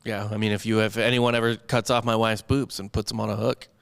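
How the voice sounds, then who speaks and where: A man's voice: fairly low pitch, level tone, fast, creaky, fairly bright tone, clean tone. A young man casually telling a history story on a comedy podcast, rambling and profane, sometimes slipping into put-on voices.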